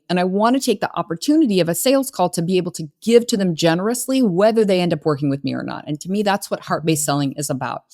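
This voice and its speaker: A woman's voice: on the low side, darkish tone. A middle-aged woman coaching on sales, talking in an earnest, conversational way with many fillers and restarts. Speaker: business coach. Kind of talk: solo podcast talk.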